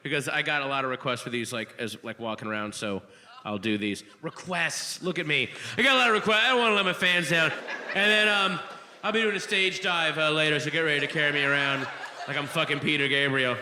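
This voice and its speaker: A man doing a live stand-up set in a comedy club, ranting profanely and shouting at the audience. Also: a little high, brisk, long reverb tail. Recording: live club recording, crowd and room noise.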